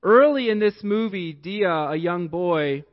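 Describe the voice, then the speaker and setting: A male pastor preaching a sermon in a church sanctuary, telling a story slowly and deliberately with long pauses, in an echoey hall with dull, lo-fi sound. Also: high-pitched, animated.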